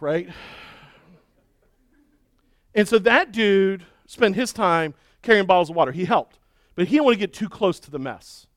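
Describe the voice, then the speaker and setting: A middle-aged man preaching a sermon and telling a story with lively, acted-out shouting and cheering. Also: high voice, normal speed, no room sound, clean studio sound. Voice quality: balding. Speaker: pastor.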